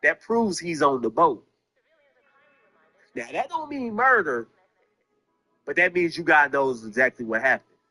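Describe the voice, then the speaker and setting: A man's voice: fairly high pitch, big pitch swings, a little slow, long pauses, sharp tone. A man commentating on a case, speaking emphatically, with rhetorical questions to his viewers. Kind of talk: true-crime commentary.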